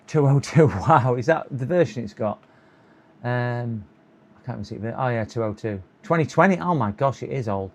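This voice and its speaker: A man talks through a computer repair on a live stream, tired and nursing a sore throat. His voice has a gravelly, creaky edge at a middling pitch. He mutters, chuckles and coaxes the machine along. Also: a little mellow, a little hiss or hum. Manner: muttering to himself, chuckling, hopeful coaxing. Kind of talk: casual live-stream commentary while working.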